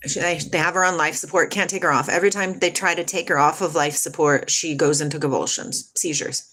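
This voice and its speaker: A woman's voice: sits low, fairly even intonation, a little fast, fairly bright tone. A woman telling a personal story to her live chat, rambling and emotional, swearing, losing her train of thought and starting over.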